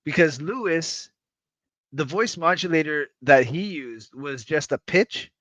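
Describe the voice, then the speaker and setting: Male streamer, higher-pitched, rambly and hyped, self-mocking, dull lo-fi mic. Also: expressive, unhurried, a bit bright, no echo. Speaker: livestream host. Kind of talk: casual livestream chat to viewers.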